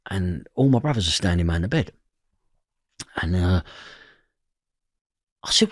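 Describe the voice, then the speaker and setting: Husky low-voiced London man. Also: animated, takes it slowly, long pauses, no echo, studio quality. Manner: blunt, swears, acts out dialogue. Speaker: interview guest. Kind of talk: emotional storytelling in an interview.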